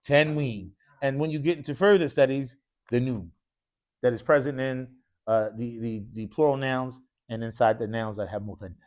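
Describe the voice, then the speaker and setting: A man's voice: medium pitch, moderate pace, a little mellow. A man teaching an Arabic grammar class in a mosque classroom, constantly quizzing his students with questions. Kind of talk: classroom lesson.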